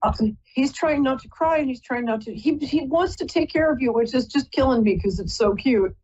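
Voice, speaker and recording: Husky woman giving a chatty psychic reading. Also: high-pitched, brisk, darkish tone, muffled recording. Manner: chatty, rambling, often apologizing. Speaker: psychic reader and host. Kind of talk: live call-in psychic reading.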